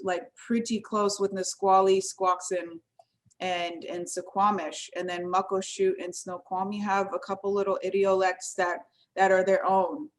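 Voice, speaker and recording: Woman presenter, lowish pitch, relaxed conversational delivery with many fillers. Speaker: tribal language program presenter. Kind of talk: informal presentation with screen share.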